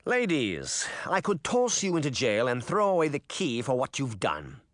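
A man's voice: medium pitch, wildly swooping pitch, normal speed, a bit bright, no echo, studio quality. A man voicing a smug, scheming prince in an audiobook, with a cold, sneering delivery. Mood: scornful. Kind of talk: audiobook character reading.

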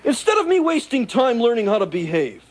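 A man voicing a wisecracking, needy male alien in a sitcom, fast with jokes and quick to plead. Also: very high voice, huge pitch swings, exaggerated voice. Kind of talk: 1980s sitcom acting. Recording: loud studio audience laughter, noisy.

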